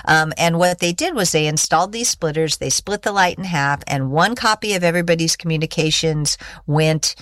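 A woman's voice: deep voice, moderate pace, few pauses, fairly bright tone, no echo, clean studio sound. A middle-aged woman, a guest in an interview, explaining and telling a story at length with frequent fillers and restarts. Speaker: guest, executive director of a digital rights group.

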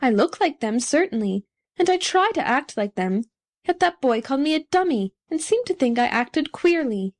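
A woman's voice: high voice, big pitch swings, normal speed, voice pushed up. A woman voicing a naive wax shop dummy come to life, speaking stiffly and innocently.

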